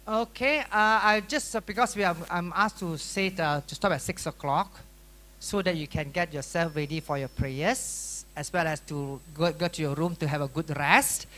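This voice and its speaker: A middle-aged man teaches a workshop room in Malaysian-accented English. He asks question after question and teases his students. His voice is bright and forceful. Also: fairly high pitch, moderate pace. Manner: lively, questioning, teasing. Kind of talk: classroom lecture.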